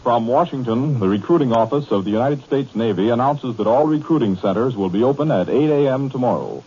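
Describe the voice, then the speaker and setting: A man's voice: mid-range voice, fairly quick, warm tone, breathy edge. A man making formal station announcements on 1940s radio. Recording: muffled 1940s radio broadcast.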